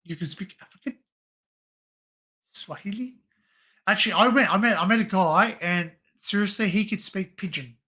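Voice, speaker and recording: A man's voice: high-pitched, moderate pace, long pauses, bright, forceful tone, slightly rough. A middle-aged Australian man hosting a casual livestream chat, rambling with lots of fillers and restarts. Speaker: livestream host.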